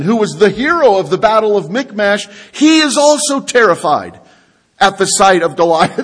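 A pastor with a high, slightly rough voice preaches a sermon in a conversational style. He frequently poses rhetorical questions to the congregation.

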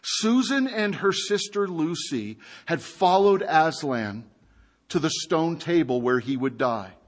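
A man preaching a sermon, retelling a story with animated rhetorical questions to his congregation. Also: fairly high pitch, slow pace. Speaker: pastor.

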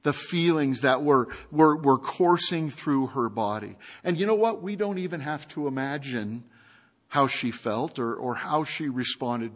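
Slow, high-voiced male preacher. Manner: animated storytelling with rhetorical questions. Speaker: pastor. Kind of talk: sermon.

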